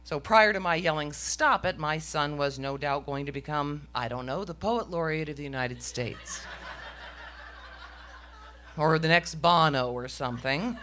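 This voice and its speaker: Bright-voiced woman telling a wry story. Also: low-pitched, a little slow, a little hiss or hum. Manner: wry, self-mocking comic delivery. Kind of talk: live stage storytelling. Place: stage before a live audience.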